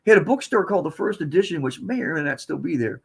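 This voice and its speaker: A man's voice: fairly high pitch, animated, quick pace, vocal fry, slightly rough. A man in his seventies from the United States, a podcast guest telling rambling, digressive stories in a casual way. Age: 70s. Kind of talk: casual storytelling.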